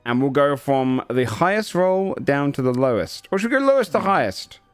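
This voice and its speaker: Lively game master with a moustache. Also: male voice, medium pitch, moderate pace, smooth, no room sound, soft background music. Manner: laughing often, chatty. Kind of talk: casual chat.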